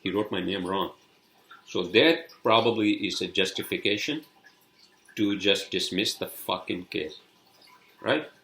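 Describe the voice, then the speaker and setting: A man's voice: sits low, unhurried, long pauses, a bit bright, reverberant. A man hosting a solo podcast, ranting angrily with heavy swearing and rambling restarts. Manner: angry, profane, rambling. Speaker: podcast host.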